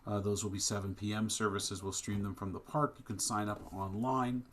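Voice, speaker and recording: During an online-streamed synagogue service, a rabbi first makes announcements conversationally and then rises to impassioned preaching. He speaks briskly in a fairly low, flat voice, with slight background noise.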